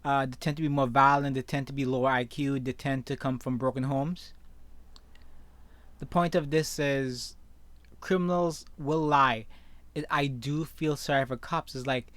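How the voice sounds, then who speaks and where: An online commentator reads news stories aloud and reacts with strong opinions, frequently tagging his sentences with "okay?". His mid-range voice is steady and a bit bright, at a moderate pace, with no room sound.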